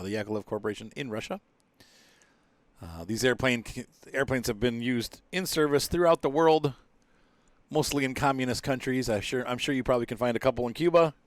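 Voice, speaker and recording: A man's voice: mid-range voice, dry recording. A man giving casual commentary as he reviews an airplane in a flight simulator, rambling with many fillers and restarts.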